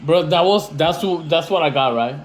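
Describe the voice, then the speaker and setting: A man ranting casually to camera in slangy, profane talk, getting louder when he is indignant. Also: on the high side, normal speed, poor audio. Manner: slangy, animated, swears freely; rising loud when indignant. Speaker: investing vlogger.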